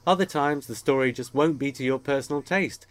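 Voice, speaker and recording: A man's voice: medium pitch, brisk. A man hosting a podcast, joking with his co-hosts and reading listener emails aloud. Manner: jokey, bantering. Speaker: podcast host.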